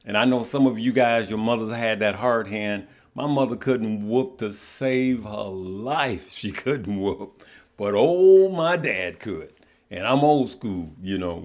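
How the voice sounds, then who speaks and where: Middle-aged male streamer, low voice, unhurried, chatty and heartfelt with his viewers. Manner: greets viewers by name, relaxed and heartfelt. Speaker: livestream host. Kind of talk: casual livestream chat.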